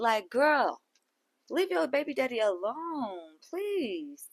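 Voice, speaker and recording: A woman's voice: high voice, sing-song, slow. A woman hosting a reality show recap, talking in a sassy, blunt way full of slang. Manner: sassy and blunt, heavy on slang like "girl" and "sis". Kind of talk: casual recap commentary.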